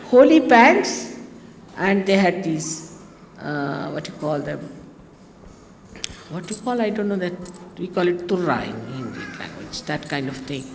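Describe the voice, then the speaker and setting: A woman's voice: deep voice, animated, measured pace, gravelly, long pauses. A woman tells wandering stories to listeners, breaking off for exclamations and asides. Her voice carries a long reverb, as if recorded in a big hall. A faint noise sits under it. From India. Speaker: speaker giving a talk. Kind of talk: anecdotal storytelling talk.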